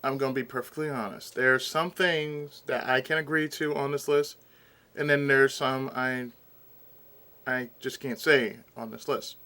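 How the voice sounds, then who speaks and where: A man's voice: medium pitch, fairly even intonation, unhurried, bright, forceful tone, smooth. A man vlogging in a casual, exasperated rant, sometimes eating as he talks. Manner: exasperated, ranting, eats while talking. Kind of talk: casual ranting commentary.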